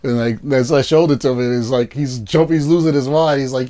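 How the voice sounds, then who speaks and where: A man, a producer guest telling animated stories and acting out his friends' lines in a casual interview. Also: medium pitch, fast talker, hardly any pauses.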